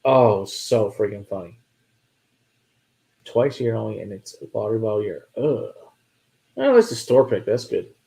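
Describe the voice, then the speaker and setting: A low-voiced man hosts a late-night whiskey livestream in a loose, chatty way. He answers viewer comments as they come in, laughs easily and keeps returning to how funny things are. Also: sing-song, a little slow, creaky, long pauses, dark tone. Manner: chatty, laughs often, amused.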